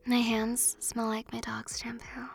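A woman's voice: a little high, monotone, a little slow, creaky, slightly rough, faint music behind. A young woman hosting an ASMR channel, rambling and giggling in a whispered ASMR chat with frequent ums, close to the mic.

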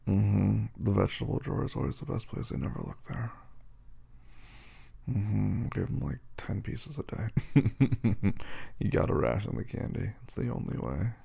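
A tired man in a whispered role-play as a husband and father, talking softly and affectionately to his partner at bedtime. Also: on the low side, expressive, normal speed, gravelly, long pauses, breathy edge. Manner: soft, sleepy and affectionate, calls the listener baby.

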